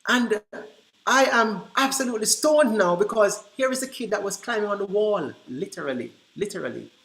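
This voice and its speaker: A man presenting to early childhood teachers, telling classroom stories in an animated way and acting out the dialogue. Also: high-pitched, normal speed. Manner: animated, acts out quoted dialogue. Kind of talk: storytelling presentation. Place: conference room. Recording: roomy echo.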